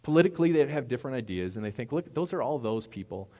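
A man's voice: medium pitch, animated, fast, a little mellow. A man preaching a sermon as a pastor, talking conversationally with playful asides. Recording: long hall reverb.

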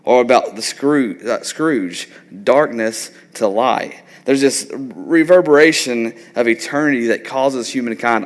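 A pastor in his thirties with a medium-pitched voice preaches a sermon in a large hall at a measured pace with hardly any pauses. His style is loose and conversational, often tagging on "like" and "right?".

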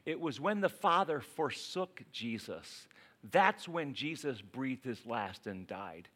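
A man's voice: medium pitch, expressive, takes it slowly. Emphatic preaching man. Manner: emphatic, swings between loud urging and hushed asides. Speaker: pastor. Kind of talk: sermon.

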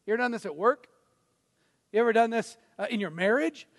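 A man preaching a sermon as pastor, dramatic, swinging from loud to hushed. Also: high-pitched, fairly quick. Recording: reverberant hall.

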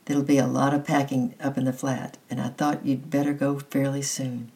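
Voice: medium pitch, flat delivery, normal speed, mellow, close to an everyday voice. A reader voicing a worried mother who speaks to her daughter in a hesitant, coaxing way.

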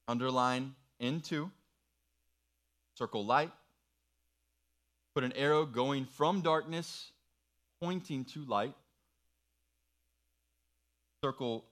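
An earnest man preaches to a young audience in a mid-pitched voice. He walks them through a worksheet with patient, encouraging instructions. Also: fairly bright tone. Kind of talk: sermon with worksheet activity.

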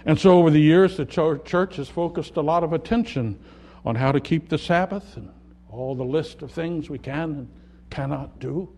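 A man preaching a sermon, earnest, rising loud on key words and dropping soft at the ends of thoughts. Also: a little high. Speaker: pastor.

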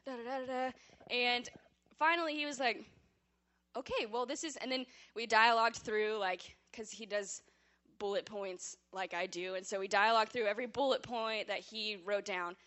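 A woman giving a personal testimony to a church congregation, telling her story in a chatty, animated, self-deprecating way and saying she yells when she talks. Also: medium pitch, normal speed.

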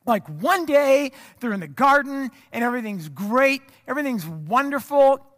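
High-voiced, bright pastor. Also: male voice, very animated, normal speed. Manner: casual storytelling, self-deprecating, addresses the congregation. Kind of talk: sermon.

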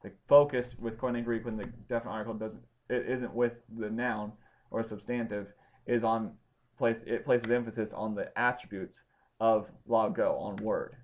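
A man teaching a Bible study class, explaining points step by step and pausing to check that his students follow. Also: fairly low pitch, fairly even intonation, a little mellow. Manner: explanatory, checks understanding with questions.

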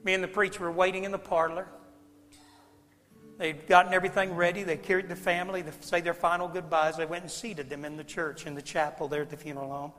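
A middle-aged man preaching, telling a story in a folksy, dramatic way that swings from hushed to loud. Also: high voice, flat delivery, fast talker. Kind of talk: sermon storytelling. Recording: long hall reverb, faint music.

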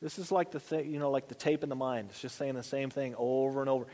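A man's voice: medium pitch, fairly even intonation, quick pace, few pauses, a little mellow, in a large hall. A man preaching a sermon in a conversational, folksy way with lots of asides. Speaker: pastor.

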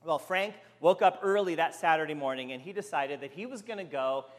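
A man's voice: a little high, brisk, big-room sound. A man telling a story in a sermon, voicing the characters as he goes.

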